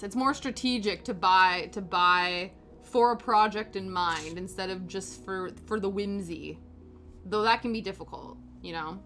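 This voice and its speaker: A woman's voice: lowish voice, fairly bright tone. A woman chatting casually while she knits on a stream at home, rambling and laughing often. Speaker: knitting streamer. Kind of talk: casual chat while knitting. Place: home, on a sofa. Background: faint background music.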